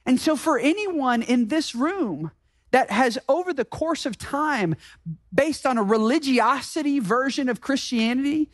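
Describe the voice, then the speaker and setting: A man preaching a sermon as pastor, emphatic and slowing down to repeat key phrases. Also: extremely high pitch, animated, no echo. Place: church sanctuary.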